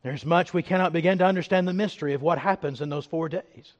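A man preaching a sermon as pastor, emphatic, swinging from loud declarations to hushed reflection. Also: fairly high pitch, quick pace, in a large hall, lo-fi sound.

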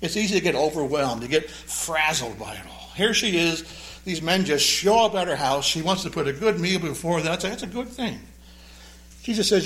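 Animated, joking male preacher. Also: on the high side, a little fast. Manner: animated, joking storyteller who explains the Greek. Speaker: pastor. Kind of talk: sermon.

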